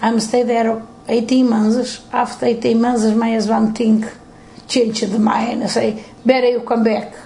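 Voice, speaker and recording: A woman's voice: on the high side, a little slow, gravelly, slight background noise, poor audio. An older woman with a Portuguese accent, telling her family history in broken English during an interview at home. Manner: broken English, animated storytelling with acted quotes.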